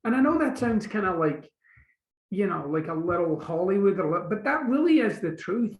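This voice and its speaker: A man's voice: high-pitched, big pitch swings, normal speed, echoey room, rough recording. A man with a Scottish accent, a guest author talking casually and animatedly, acting out little quotes as he goes. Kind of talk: casual conversation.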